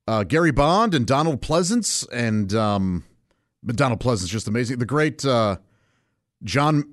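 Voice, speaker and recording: Rambling podcast host, lively. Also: male voice, medium pitch, no echo, studio quality. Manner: rambling, self-interrupting, chuckles often. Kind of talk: casual solo podcast talk.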